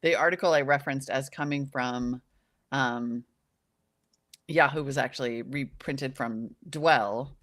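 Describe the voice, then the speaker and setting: A woman's voice: rumbling low, a little slow, dry recording. Chatty woman podcast host, dry close sound. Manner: animated, laughing, acts out quoted voices. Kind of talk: casual live-stream chat.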